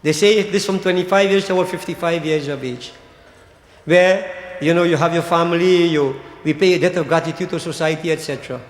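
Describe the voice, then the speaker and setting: A man's voice: on the high side, fairly quick. An older man giving a religious discourse, addressing his listeners as devotees and tossing in rhetorical "hmm?" asides. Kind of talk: sermon. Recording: echoey hall with long reverb.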